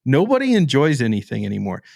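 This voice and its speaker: A man co-hosting a casual tech podcast, playful and excitable, joking one moment and explaining features at length the next. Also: medium pitch, fast talker, creaky. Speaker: podcast co-host.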